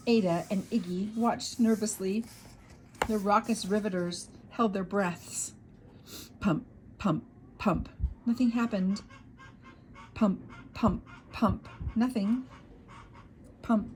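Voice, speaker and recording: A woman reads a children's chapter book aloud with lively, expressive narration. Her voice sits in a middle range and her pace shifts with the story. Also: medium pitch, a little hiss or hum, rough recording.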